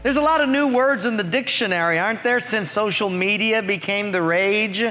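A male pastor delivers a sermon with an animated, joking storyteller's manner. His voice sits very high and sounds bright and forceful. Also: normal speed, faint music behind.

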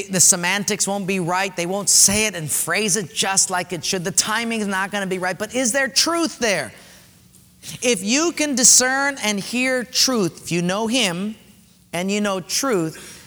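A male pastor preaching an emphatic sermon, repeating key phrases and dropping to quiet, slow emphasis. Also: sits high. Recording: long hall reverb.

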